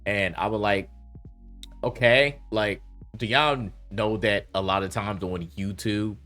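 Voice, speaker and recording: A man with a fairly low voice holds forth in a loose, slang-filled commentary rant. He laughs often and circles back over his points with casual fillers. Faint music sits quietly behind him. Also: fairly even intonation, takes it slowly. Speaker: commentary vlogger.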